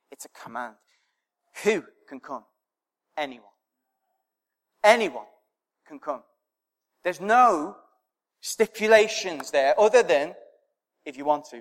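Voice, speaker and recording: A high-voiced man delivers a sermon, hammering home points with repeated phrases and questions he answers himself. His voice rings out in a hall with a long reverb trailing behind each line. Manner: emphatic, rhetorical questions and repetition, swelling then dropping to near quiet. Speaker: preacher.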